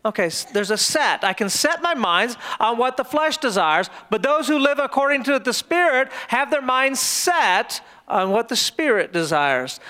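A man preaching a sermon as pastor, telling lively, humorous stories. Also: high-pitched, smooth.

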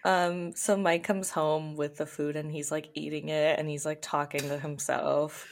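A woman's voice: low-pitched, little pitch movement, measured pace, vocal fry. A woman guest on a podcast, recapping episodes in laid-back casual chat.

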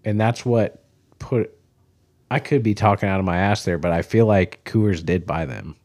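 A guest brewer from Kansas, carrying a slight Kansas accent, chats loosely on a podcast in a fairly low, darkish voice at a moderate pace. He swears freely and jumps from thought to thought, with no room sound in the recording.

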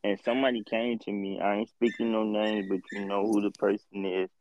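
A man's voice: lowish voice, flat delivery, a little fast, a little mellow, a little hiss or hum. A man in casual chat, laid-back and agreeable, telling a story. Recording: dull, dry recording.

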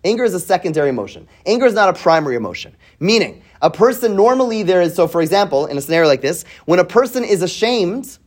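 A man's voice: sits high, very animated, quick pace, few pauses. Man teaching a weekly Bible class. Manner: reads Hebrew verses then translates, asks students questions, often adds "right?"; restarts and repeats words while thinking aloud. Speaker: Torah teacher.

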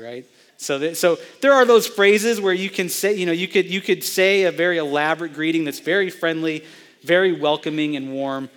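A man's voice: on the high side, normal speed, a bit bright. A young man, a pastor preaching an expository sermon to students, teaching line by line and asking his listeners questions. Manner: teacherly, asks the audience questions. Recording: long hall reverb.

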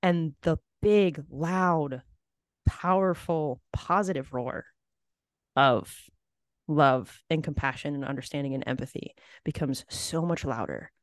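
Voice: mid-range voice, unhurried, no room sound, clean studio sound. A podcast host talking animatedly in a casual conversation, building out analogies.

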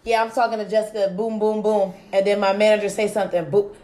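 A woman's voice: mid-range voice, level tone, quick pace, mellow. A woman in her twenties hosting a podcast chat with friends, blunt and profane, who repeats herself to hold the floor. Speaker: podcast host. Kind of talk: casual chat among friends.

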